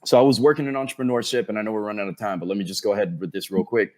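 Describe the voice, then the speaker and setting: A podcast guest with a fairly low voice tells the story of his career at a very fast clip. He's energetic and animated, acting out the things other people said to him.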